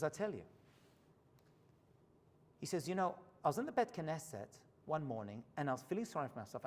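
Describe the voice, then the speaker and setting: A man preaching a storytelling sermon as a rabbi in a synagogue, swinging from hushed asides to loud high points. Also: in a large hall.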